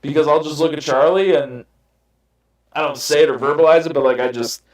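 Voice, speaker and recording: A man's voice: on the high side, fairly quick. A young man telling candid personal stories in casual podcast chat, swearing freely and rambling. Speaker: podcast host. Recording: roomy echo.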